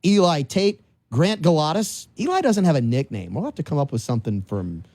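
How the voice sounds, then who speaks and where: This is a man in his forties from New Orleans hosting talk radio from a studio. His voice sits a little high but sounds soft and mellow. He speaks close to a dry mic, chatty and musing, often posing questions aloud. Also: very animated, brisk, dry recording. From New Orleans, Louisiana. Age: 40s. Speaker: radio talk show host. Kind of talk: casual political talk radio. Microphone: studio microphone.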